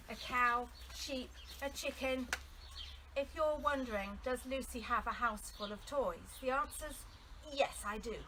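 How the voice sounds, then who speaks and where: A woman's voice: high voice, bright, forceful tone. A woman vicar leading a children's song time outdoors in a garden, cheerful and sing-song as she calls out to young families. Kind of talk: children's song and story session. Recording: outdoor noise with birdsong. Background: birdsong.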